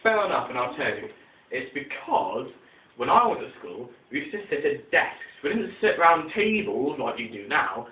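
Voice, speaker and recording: A man performing comic poems with animated storytelling and sound effects, recorded tinny and distant in an echoey room. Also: fairly high pitch, normal speed. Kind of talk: comic poem recitation.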